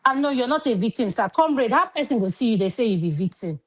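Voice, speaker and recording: A woman's voice: on the high side, lively intonation, quick pace, a crowd in the background, rough recording. A Nigerian woman moderator on an online panel, chatty and assertive. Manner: assertive and chatty, pleading then scolding.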